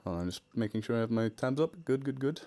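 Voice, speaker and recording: A British man whose accent sits between British and American chats casually on a livestream at home, close to a desktop mic. He pokes fun at himself, laughs easily and reacts to viewer comments at a middling pitch. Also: expressive, fast, dark tone. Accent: mixed British-American. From United Kingdom. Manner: chatty and self-deprecating, laughs often, reads chat aloud. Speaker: charity livestream host and story narrator. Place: home room with fish tank near the mic. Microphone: desktop microphone.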